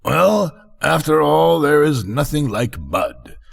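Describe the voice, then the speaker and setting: Smug chatty frog, an old man putting it on, slow, raised voice, gravelly. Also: on the high side, big pitch swings, pitched above the performer's own voice, heavily acted. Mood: gushing. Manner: slow, gushing, complacent. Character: chatty self-satisfied frog.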